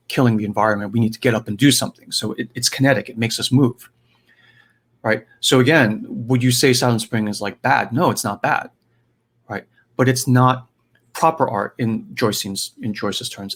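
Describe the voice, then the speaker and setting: A man giving a live online teaching talk on a video call, in a conversational way, often checking in with "right?" and "you know". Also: mid-range voice. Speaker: spiritual teacher and advisor.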